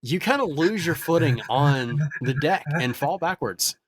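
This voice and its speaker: Lively male game master narrating. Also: a little high, unhurried. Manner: lively, laughs easily.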